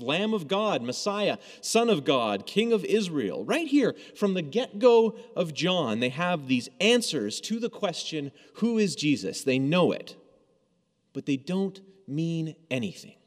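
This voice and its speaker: A man's voice: on the high side, very animated, unhurried. A man preaching a sermon in a conversational, storytelling way, acting out quoted lines as he goes. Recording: long hall reverb.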